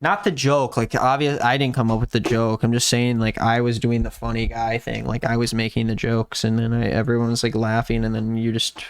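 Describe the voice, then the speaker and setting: A man hosting a livestream in casual chat, sarcastic and often jumping into high mock-excited tones. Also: moderate pace, hardly any pauses, clean tone. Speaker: streamer hosting.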